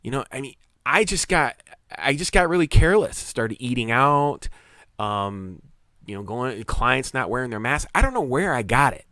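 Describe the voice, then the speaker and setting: A man's voice: medium pitch, fairly bright tone, dry recording. A middle-aged man telling his own story of surviving a serious illness, rambling and earnest, often repeating himself. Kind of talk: casual personal testimony.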